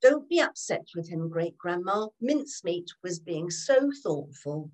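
Storybook role: kindly male conductor, calm and soothing, read by a woman. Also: fairly low pitch, measured pace, pitched below the performer's own voice. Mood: reassuring.

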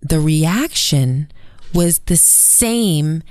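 Woman, lower voice, earnest storytelling, casual chat, dry close sound. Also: lively intonation, very slow, a little mellow, dry recording. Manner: earnest storytelling, mimics family members in quotes. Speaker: podcast co-host. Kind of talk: casual conversation.

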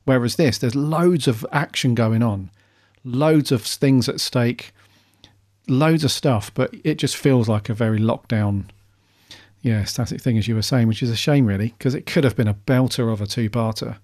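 A man's voice: mid-range voice, moderate pace, darkish tone. A man co-hosting a casual podcast, easygoing and agreeable. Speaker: podcast co-host. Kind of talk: casual chat.

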